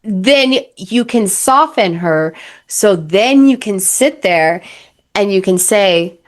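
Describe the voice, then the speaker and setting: Blunt, animated woman relationship coach. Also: mid-range voice, slow pace. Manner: blunt and animated, acts out quoted voices. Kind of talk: candid podcast conversation.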